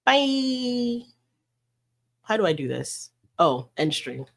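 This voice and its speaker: A woman's voice: low-pitched, lively intonation, moderate pace, vocal fry, slightly rough. A woman chatting casually with viewers on a livestream, blunt and talkative, swearing freely and mixing in Spanish endearments.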